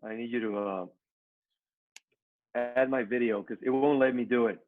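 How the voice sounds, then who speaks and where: A man's voice: mid-range voice, steady tone, moderate pace. A man on a live video call, politely sorting out a technical problem before his talk. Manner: polite, sorting out tech trouble. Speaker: event speaker. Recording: tinny phone-like line.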